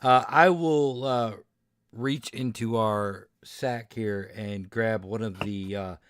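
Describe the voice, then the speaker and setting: A man playing a tabletop game, speaking hesitantly with halting fillers. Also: fairly low pitch, a bit bright, a little hiss or hum. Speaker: player. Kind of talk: casual tabletop chat.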